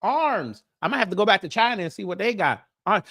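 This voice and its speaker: A man runs a casual commentary stream. He reads through a list and jokes with his audience as he talks. His voice sits a little higher than most men's. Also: big pitch swings, a little fast, bright, forceful tone. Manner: joking, talks straight to his viewers.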